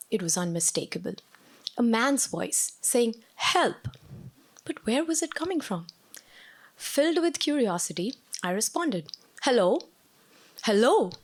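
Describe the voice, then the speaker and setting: Woman, live storytelling, fairly high pitch, very animated intonation, self-mocking humor. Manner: wry, self-mocking, lively delivery. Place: stage at a live storytelling show.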